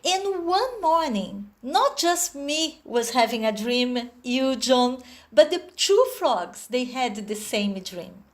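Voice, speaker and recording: A woman's voice: high-pitched, very animated. A woman with a Brazilian accent telling a story over a video call, hesitant and full of little fillers. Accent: Brazilian Portuguese. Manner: slow, hesitant, with many fillers.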